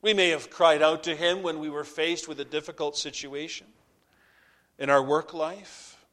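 A pastor preaching a sermon to his congregation, impassioned, swinging between loud peaks and hushed drops. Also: on the high side, steady tone, normal speed.

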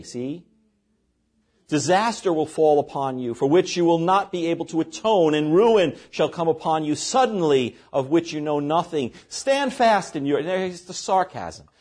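A man's voice: on the high side, darkish tone, husky. A man preaching a sermon as pastor, reading scripture aloud and breaking in with short asides to the congregation.

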